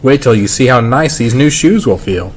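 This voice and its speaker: A man's voice: medium pitch, expressive, moderate pace, slight background noise, close to an everyday voice. A man voicing a patient, friendly shoe salesman with a coaxing, cheerful way of talking.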